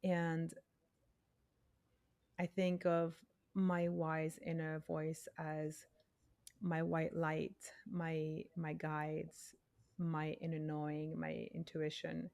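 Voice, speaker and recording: Woman podcast host, very slow, gravelly fry, thoughtful pauses. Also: low-pitched, monotone, a little mellow. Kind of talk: casual conversation.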